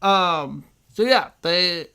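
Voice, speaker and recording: A man co-hosting a casual podcast, retelling a film's plot in a relaxed way with many fillers. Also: high voice, very slow, clean tone. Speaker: podcast co-host. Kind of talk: casual film discussion.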